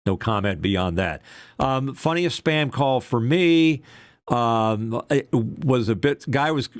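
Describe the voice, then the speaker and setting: A man's voice: medium pitch, expressive, slow, no echo. Older man telling rambling radio stories. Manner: rambling storyteller, many fillers. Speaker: co-host, former radio DJ. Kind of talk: casual podcast chat.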